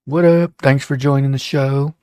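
A man's voice: medium pitch, fairly even intonation, moderate pace, darkish tone. A man hosting a casual livestream show, rambling and joking with lots of fillers. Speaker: show host.

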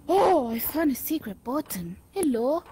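High-voiced woman cursing through a game. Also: expressive, slow, a little hiss or hum. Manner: swears and reacts out loud. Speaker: gamer. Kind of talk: casual gameplay commentary.

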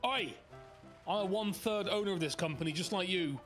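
A man's voice: sits high, brisk, a bit bright, faint music behind. A young man bantering during a game, playful and a little whiny, laughing often. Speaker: co-player. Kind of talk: casual gaming banter.

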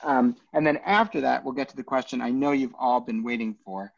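Casual rabbi teaching, lo-fi. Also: male voice, mid-range voice, fairly quick, vocal fry. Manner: casual, joking, thinks aloud with many fillers. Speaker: rabbi teaching Talmud class. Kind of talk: informal Talmud lesson.

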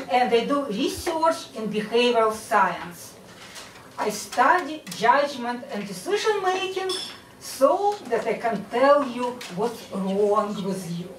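A woman comic with a Russian accent works through a stand-up set at an unhurried pace, her pitch rising and falling widely. Her delivery is dry and measured. She sounds distant from the mic in an echoey club. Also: noisy background. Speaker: stand-up comedian. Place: comedy club stage.

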